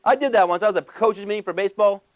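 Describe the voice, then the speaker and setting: High-voiced animated male motivational speaker. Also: racing. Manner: animated, acts out little scenes with voices; asks the audience questions. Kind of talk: motivational talk to a live audience.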